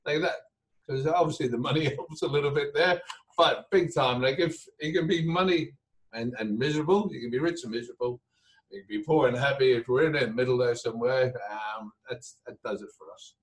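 A business owner from Northern Ireland, with a Northern Irish accent, jokes and chats in a casual interview, laughing often. His medium-pitched voice is a little fast and sounds far from the mic in a low-quality recording.

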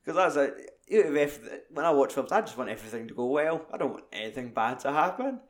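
Very animated and a little high in pitch, this young Scottish man talks loosely about a film, cursing often and performing lines in rapid put-on voices.

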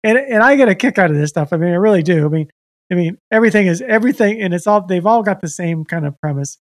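A man with a high, expressive voice co-hosts a podcast, talking fast in a loose, rambling, profane chat. He tells stories and acts out the people he quotes. The studio recording is clean, with no room sound.

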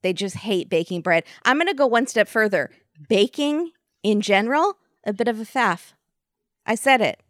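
A woman co-hosting a casual recap podcast, telling the episode's events in a wry, animated way with frequent laughs. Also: medium pitch, normal speed, dry recording, clean studio sound. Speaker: podcast co-host.

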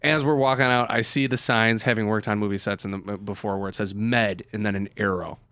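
A man hosting a podcast, telling an anecdote in an animated way and acting out the voices of the people in it. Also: lowish voice, fairly quick, no room sound. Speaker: podcast host. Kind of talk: casual storytelling chat.

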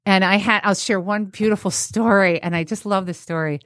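Animated woman relationship expert, dry sound. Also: medium pitch, fairly quick, no echo. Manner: animated storyteller, acts out quotes. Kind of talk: casual talk-show chat.

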